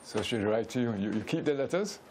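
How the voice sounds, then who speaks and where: Casting: man, TV interviewer, relaxed questions, crowd noise behind. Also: medium pitch, fairly quick. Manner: relaxed, chatty questioning with frequent mm-hmms. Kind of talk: casual interview chat.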